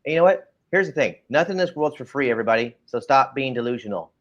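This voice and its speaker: A man co-hosts a casual talk show, speaking in a middle-pitched voice. He rants bluntly and lectures the listener head-on. The audio sounds a little dull and lo-fi. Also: expressive, fast talker, fairly bright tone. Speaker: podcast co-host.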